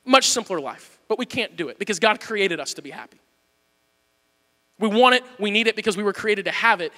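A man preaching a sermon in a church, candid and self-deprecating, moving between hushed talk and shouting. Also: high-pitched, animated, fast talker, in a large hall. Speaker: pastor.

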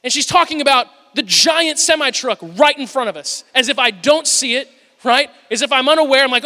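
In a church sanctuary, a male pastor preaches a sermon in a conversational, humorous storytelling style. His voice is very high-pitched, brisk, bright and forceful, and the recording carries the long reverb of a large church hall.

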